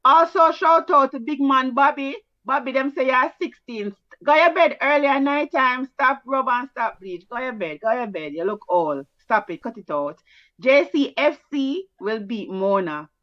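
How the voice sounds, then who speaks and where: A woman with a Jamaican accent co-hosting a casual sports chat, teasing and quick-fire in her delivery. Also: fairly high pitch, expressive, no echo. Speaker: co-host. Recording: dull, dry, lo-fi mic.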